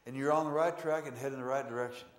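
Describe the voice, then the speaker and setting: A male pastor delivering a sermon in a church, preaching emphatically with sudden loud swells. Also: mid-range voice, steady tone, rapid-fire. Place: church sanctuary. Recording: echoey church room.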